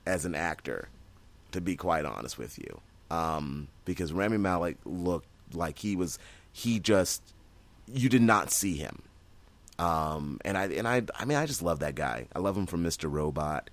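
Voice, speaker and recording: A man's voice: deep voice, sing-song, normal speed. A man co-hosting a podcast in casual chat, talking enthusiastically with lots of fillers and restarts. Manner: rambling, many fillers and restarts. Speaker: podcast co-host.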